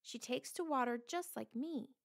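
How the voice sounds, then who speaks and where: A woman gives voice to a curious, adventurous male dog in a children's storybook, exclaiming in a lively way. Her voice is high-pitched and creaky, at a normal speed.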